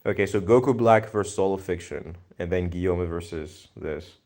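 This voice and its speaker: A man's voice: sits low, moderate pace, darkish tone. A young man with a Greek accent chatting casually on a live stream, reading viewer comments and thinking aloud in a laid-back, slangy way. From Greece.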